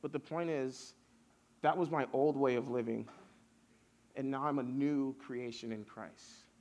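A man's voice: mid-range voice, fairly even intonation, measured pace, a little mellow. A young man preaching a casual youth sermon, telling stories and building lists with rising force.

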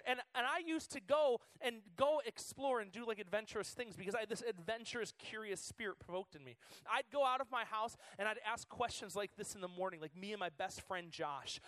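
A man's voice: high-pitched, no echo. Chatty youth pastor in his thirties. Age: 30s. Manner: chatty and excitable, full of fillers. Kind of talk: casual youth sermon. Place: room full of students.

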